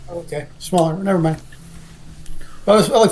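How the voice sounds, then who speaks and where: Fast, giddy tabletop player. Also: mid-range voice, darkish tone, soft background music, poor audio. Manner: playful, quick, giddy. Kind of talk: casual tabletop play.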